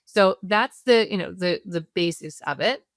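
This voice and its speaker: A woman as a parenting expert guest, explaining in a conversational teaching style, animated and earnest, walking through examples step by step. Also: fairly low pitch, unhurried, no echo, clean studio sound. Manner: animated, acts out parents and kids in quoted voices.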